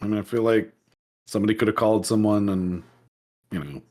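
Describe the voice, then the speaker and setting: A man co-hosting a podcast in casual chat, reacting in an animated way, laughing easily and swearing freely. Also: fairly low pitch, brisk. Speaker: podcast co-host.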